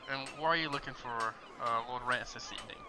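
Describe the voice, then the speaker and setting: A man voicing a calm, amused nobleman who chuckles and talks in an unhurried, soothing way, over online voice chat with music behind. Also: medium pitch, background noise, lightly acted.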